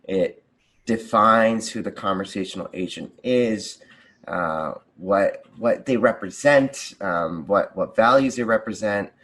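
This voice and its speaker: An American man with a fairly low voice, talking casually as a guest on an interview show. He sounds enthusiastic about his work and livens up his examples with little acted-out voices. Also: slow. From United States. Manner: enthusiastic, jumps into lively voices when telling examples. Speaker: guest, conversation designer.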